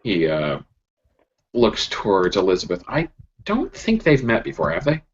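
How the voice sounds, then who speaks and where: A man's voice: lowish voice, huge pitch swings, moderate pace. A man narrating a tabletop role-play as game master, laughing often and talking with many fillers. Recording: dull lo-fi mic with faint noise.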